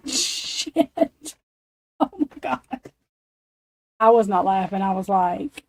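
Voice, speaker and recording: A woman's voice: a little high, lively intonation, takes it slowly, creaky, pauses often, a little mellow, a little hiss or hum, poor audio. A woman in her forties chatting casually on a late-night stream, telling rambling, profane stories and laughing often. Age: 40s. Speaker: livestream host.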